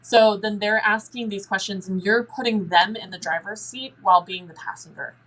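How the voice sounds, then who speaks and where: A young woman answering listener questions as a guest in a paranormal Q&A, chatty and lively, often acting out little dialogues. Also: normal speed, rough recording. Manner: chatty, acts out dialogue in a higher voice.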